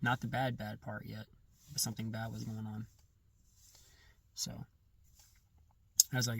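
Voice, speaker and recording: A man recounting a personal testimony in casual first-person storytelling, halting and often restarting or correcting himself mid-sentence. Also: on the low side, level tone, gravelly, fairly bright tone, breathy edge, recorded from a distance.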